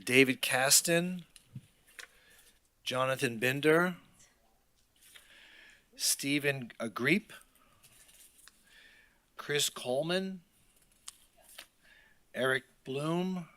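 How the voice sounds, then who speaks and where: A man's voice: medium pitch, extremely slow, pauses often, sharp tone. A man chairing a public meeting who calls out speakers' names unhurriedly, with dry asides.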